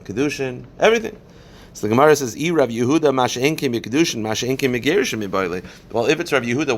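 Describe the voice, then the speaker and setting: Rabbi teaching a Talmud class. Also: male voice, medium pitch, a bit bright. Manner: explains step by step, poses and answers questions; reads Aramaic passages quickly, then translates.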